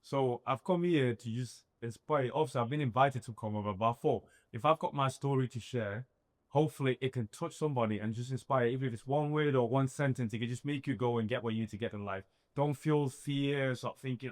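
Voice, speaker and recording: A man's voice: medium pitch, fast talker, dry recording. A young man, an entrepreneur, giving a live motivational talk and acting out dialogue as he tells stories. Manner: animated storytelling, acts out his own quoted dialogue.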